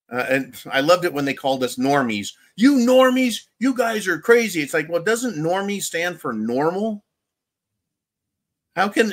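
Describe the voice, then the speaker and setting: A man's voice: fairly high pitch, a bit bright. A man hosting a casual political commentary livestream, rambling and sarcastic as he reads viewer chat. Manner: rambling and sarcastic, with chuckles and mocking asides. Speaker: livestream show host reading viewer chat.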